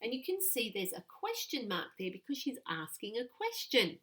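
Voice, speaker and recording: A woman teacher patiently explaining a writing lesson to young children, reading out examples in a clear, animated way. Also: fairly high pitch, normal speed.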